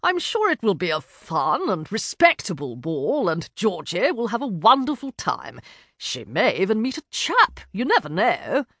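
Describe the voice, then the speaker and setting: A woman's voice: mid-range voice, wildly swooping pitch, measured pace, a bit bright, no room sound, clean studio sound, full character voice. A woman voicing an affable, clueless young aristocratic man in a genial, bluff manner.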